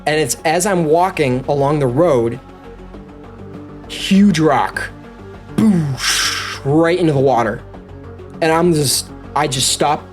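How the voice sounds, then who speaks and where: A man telling a story as a podcast guest, animated and excitable, talking straight to the listeners. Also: on the high side, unhurried, long pauses, soft background music. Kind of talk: casual storytelling.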